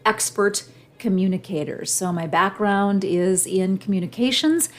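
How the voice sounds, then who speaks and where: A woman's voice: mid-range voice, a little slow. Heartfelt middle-aged woman podcast host. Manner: heartfelt, storytelling, gets emotional. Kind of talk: personal podcast monologue.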